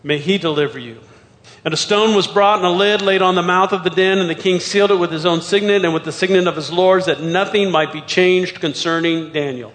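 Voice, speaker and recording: A man with a high voice preaches a sermon, moving through scripture verse by verse. He asks pointed rhetorical questions as he goes. His voice rings out with a long reverb tail, as if from a large hall. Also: steady tone, fairly quick, few pauses, a bit bright. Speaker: pastor.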